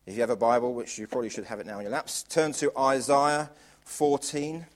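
A man preaching a sermon at a mid pitch. He asks his listeners rhetorical questions, and his volume swings widely, dropping to quiet emphasis on key words. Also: little pitch movement, brisk.

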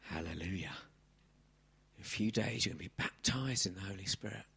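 A man in his thirties from England preaching a sermon on a handheld mic, animated and swinging from soft asides to loud exclamations. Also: sits low, a little fast, vocal fry, breathy edge.

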